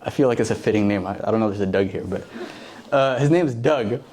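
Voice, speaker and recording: A man's voice: lowish voice, fast, a little mellow, a little hiss or hum. A young man preaching a casual sermon to a youth group, slangy and conversational, acting out the characters.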